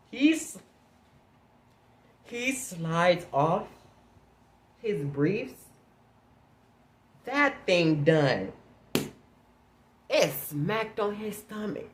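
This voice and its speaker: A young man vlogger telling a personal story in casual, animated fashion, now and then breaking into high shrieks and laughter. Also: very slow, long pauses, a little hiss or hum.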